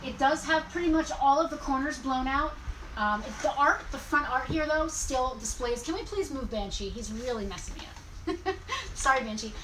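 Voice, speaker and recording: A woman co-hosting a toy store live sale, brisk and teasing in casual chat. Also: high-pitched, expressive, distant mic. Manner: teasing, brisk, self-mocking. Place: inside a toy and collectibles store. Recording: off-mic with clear background noise.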